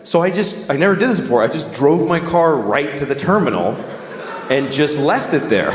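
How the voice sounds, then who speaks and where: Male comedian, lively rambling storytelling, echoey hall, long reverb. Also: a little high, moderate pace. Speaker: stand-up comedian. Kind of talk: stand-up comedy.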